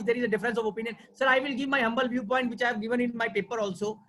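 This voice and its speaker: An earnest webinar lecturer with an Indian accent who talks at a brisk clip, circling back to repeat the key points and calling listeners "sir." The voice sits at a middle pitch and comes through a video call. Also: fairly even intonation, a bit bright. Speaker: webinar speaker on tax law.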